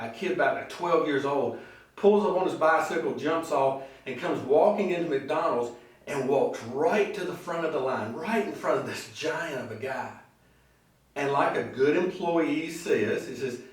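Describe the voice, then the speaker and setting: A male pastor delivering a sermon, telling stories and slowing down on key phrases. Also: fairly high pitch. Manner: storytelling preacher, slow emphatic phrases, acts out quoted voices. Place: church sanctuary. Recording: echoey hall, mic at a distance.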